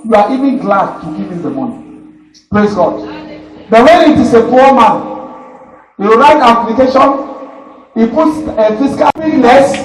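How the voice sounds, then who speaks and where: A man preaching a sermon as pastor, emphatic and prompting the congregation to answer. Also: high voice. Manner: emphatic call-and-response preaching, prompting replies. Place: church service. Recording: echoey church hall, distant mic, faint noise.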